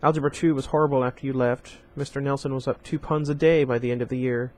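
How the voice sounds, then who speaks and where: A man's voice: mid-range voice, steady tone, quick pace, darkish tone, close to an everyday voice. A man reading the lines of a chatty teenage girl classmate in a storybook reading, in his own plain voice with light emphasis on the jokes.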